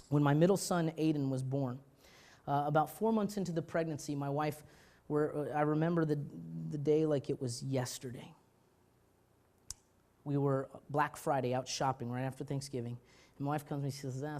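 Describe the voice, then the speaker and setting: A male pastor preaching a sermon, telling stories with urgency that drops to hushed tones, often restarting his words. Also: on the high side. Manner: animated storytelling, swinging from loud urgency to quiet.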